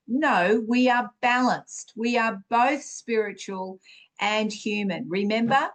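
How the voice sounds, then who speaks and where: A woman speaks slowly and earnestly, teaching on spiritual growth as a podcast host. Her voice sits a little high, and she encourages her listeners warmly, often pausing on fillers and restarting her sentences.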